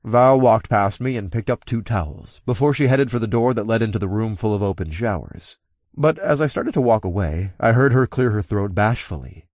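A man's voice: fairly low pitch, animated, normal speed, a little mellow, no room sound, clean studio sound. A young man narrating a first-person audiobook in an easygoing, lightly amused way, also speaking the narrator's own lines.

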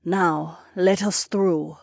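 A man's voice: high-pitched, fairly even intonation, gravelly, dry recording, studio quality, voice pushed up, full character voice. Man voicing a soothing Irish woman mage. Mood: calm. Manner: soothing, measured. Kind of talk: audiobook narration.

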